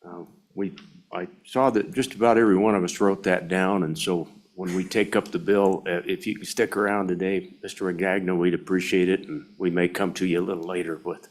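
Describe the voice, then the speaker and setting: Low-voiced committee chairman, courteous. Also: steady tone, a little fast. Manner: courteous, informal, lots of fillers. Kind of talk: chairing a hearing.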